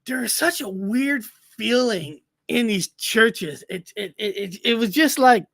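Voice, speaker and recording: A man's voice: very high-pitched, animated, a little slow, gravelly, a bit bright, dry recording. A man in casual podcast chat, rambling with lots of repeated words and frequent laughs.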